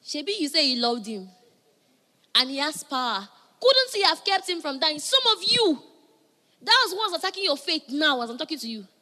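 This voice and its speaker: A woman preaching a sermon, moving between loud emphatic calls and soft, hushed passages. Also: sits high, very animated, normal speed.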